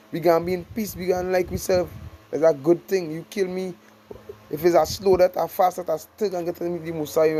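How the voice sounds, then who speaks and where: A man giving an informal scripture study sermon, reading verses slowly, then explaining in loose, repeated phrases. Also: fairly high pitch, warm tone, slight background noise, rough recording. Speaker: scripture teacher.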